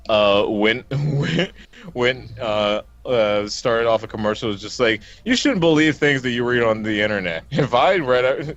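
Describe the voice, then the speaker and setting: A man's voice: fairly low pitch, fairly bright tone. Rambling, laughing man on a muffled stream. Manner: rambling storyteller, laughs often mid-sentence. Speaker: let's play co-host. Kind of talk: casual chat.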